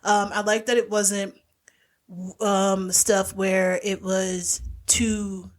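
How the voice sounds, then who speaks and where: A woman's voice: mid-range voice, drawn-out words. A woman, co-hosting a podcast and recapping a movie in casual chat, acting out the characters' lines as she goes. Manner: animated storyteller, acts out characters' lines. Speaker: podcast co-host.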